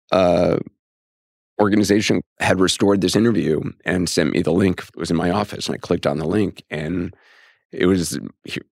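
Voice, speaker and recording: A man talks as a guest in a relaxed interview, thoughtful and a little hesitant. He often restarts and fills pauses as he searches for words. His voice sits very low and sounds dry and close to the mic. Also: creaky, no echo. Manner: reflective, hesitant with fillers and restarts. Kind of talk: conversational interview.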